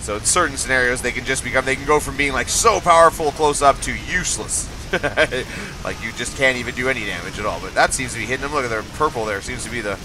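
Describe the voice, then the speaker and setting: A man streaming live gameplay, excitable, laughing often and trash-talking the enemies on screen. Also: mid-range voice, fast, over music. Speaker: game streamer.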